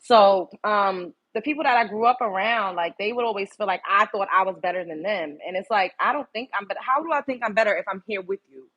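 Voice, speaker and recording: On lo-fi sound, the Brooklyn, New York host talks briskly with hardly any pauses, in a medium-pitched, fairly bright voice. This young woman keeps her casual livestream blunt and candid, swearing freely and naming viewers as she greets them.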